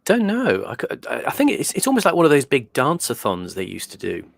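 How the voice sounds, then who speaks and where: A man's voice: mid-range voice, huge pitch swings, quick pace, gravelly, a bit bright, no room sound. A man in casual online discussion, reviewing a documentary and thinking aloud as he explains. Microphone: remote call setup.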